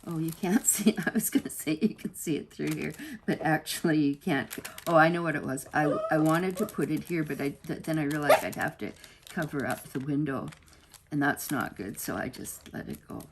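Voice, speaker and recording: A woman's voice: deep voice, normal speed, slight background noise. A woman hosting a casual crafting tutorial at home, chatty and rambling, often restarting mid-sentence.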